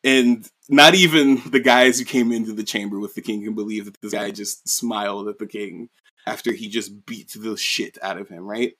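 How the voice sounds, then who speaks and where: A man's voice: fairly low pitch, normal speed, pushed and bright. A man co-hosting a podcast, casually recapping a story in a rambling way, full of "you know" and "like". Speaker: podcast co-host.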